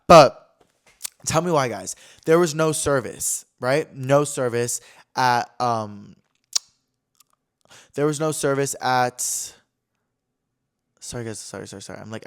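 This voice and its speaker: A young man hosts his own podcast, telling a story in a casual chat. He's full of fillers and acts out quotes in higher voices.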